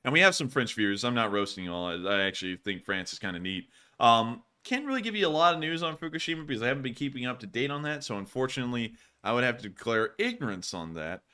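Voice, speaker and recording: A man's voice: mid-range voice, lively intonation, fast, hardly any pauses, pushed and bright, smooth. A man hosting a casual livestream Q&A, chatty, laughing easily and repeating stock thank-you phrases. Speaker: livestream host.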